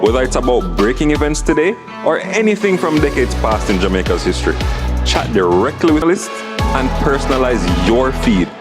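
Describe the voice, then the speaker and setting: A man's voice: medium pitch, very animated, fairly quick. A man reading a scripted product ad in a punchy, upbeat selling manner. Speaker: promo voice-over. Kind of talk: scripted ad narration. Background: music.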